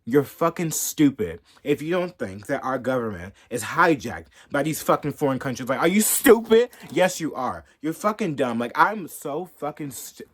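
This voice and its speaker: Profane, ranting man. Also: mid-range voice. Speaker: commentator. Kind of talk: angry rant vlog.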